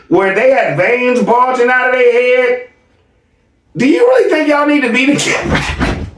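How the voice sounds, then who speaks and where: A man doing casual reaction commentary, mocking and animated, laughing often as he talks. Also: very high-pitched, echoey room, recorded from a distance. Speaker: reaction streamer.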